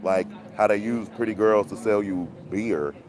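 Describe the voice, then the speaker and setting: Outdoors, a commentary channel host delivers a casual chat that rambles in a preachy, conspiratorial way, laden with fillers and laughs. He speaks at normal speed in a fairly low, darkish voice.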